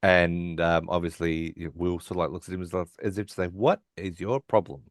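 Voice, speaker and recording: Low-pitched guy on a podcast, dry close sound, retelling episode scenes w lots of ums and "you know"s. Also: fairly even intonation, normal speed, dry recording. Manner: retells scenes acting out quotes, frequent fillers. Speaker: podcast co-host. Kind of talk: casual recap chat.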